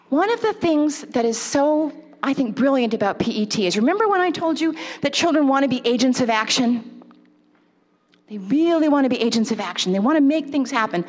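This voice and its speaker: A woman giving an animated lecture to a live audience and asking them questions. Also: high-pitched, long reverb tail. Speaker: parenting workshop speaker.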